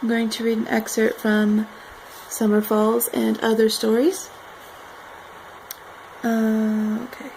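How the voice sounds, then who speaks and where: A young woman talks slowly and loosely, filling gaps with "like" and "um". Her voice is a little high but dark and mellow, with a gravelly fry at the ends of phrases. A faint hiss sits under the home recording. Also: low-quality recording. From North Carolina. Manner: relaxed, rambling, says "like" and "um" often. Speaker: vlogger. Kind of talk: casual accent challenge vlog.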